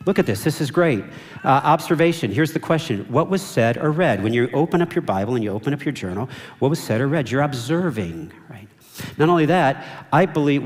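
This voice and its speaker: A man preaching a sermon as pastor, emphatic and repeating key phrases, drawing the congregation in. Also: medium pitch. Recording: long reverb of a large hall.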